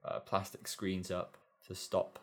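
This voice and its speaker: A man's voice: sits low, monotone, a little slow. A man co-hosting a podcast, chatting casually and musing in a hesitant way that repeats words. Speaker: podcast co-host. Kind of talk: casual chat.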